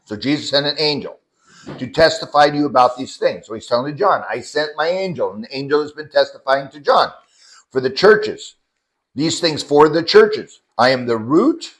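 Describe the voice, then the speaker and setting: A man's voice: fairly high pitch, animated, moderate pace, poor audio. A man leading a casual group Bible study, explaining scripture and the Greek words behind it to the people around him.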